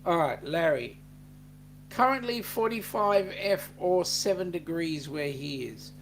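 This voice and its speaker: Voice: medium pitch, animated, measured pace, a little hiss or hum. A host with an Australian accent, chatting on a live stream, reading out and greeting viewer comments in a laid-back way with lots of "um"s.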